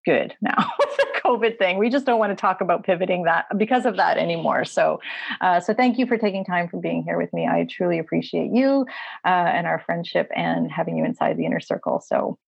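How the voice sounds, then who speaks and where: A woman hosting a podcast, chatting warmly and effusively with a guest and laughing easily. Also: fairly low pitch, expressive, brisk, creaky, slightly rough, no room sound, highs cut off. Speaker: podcast host. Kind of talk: casual interview chat.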